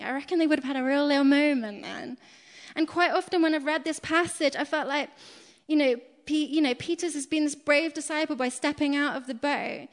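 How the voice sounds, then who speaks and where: A woman giving a chatty, storytelling sermon in a church hall, animated and quick to laugh at herself. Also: high voice. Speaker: preacher. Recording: long hall reverb.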